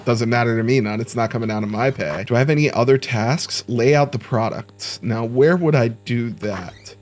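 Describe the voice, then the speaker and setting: A man's voice: medium pitch, moderate pace, soft background music. A young man giving casual, joking let's-play commentary, talking to himself with sudden startled outbursts. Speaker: gaming YouTuber.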